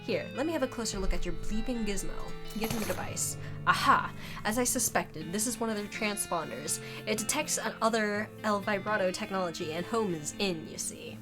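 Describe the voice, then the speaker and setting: A woman's voice: mid-range voice, normal speed, music in the background, natural voice. A woman reading out an eager male tinkerer. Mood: explaining. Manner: reading game dialogue aloud, explaining.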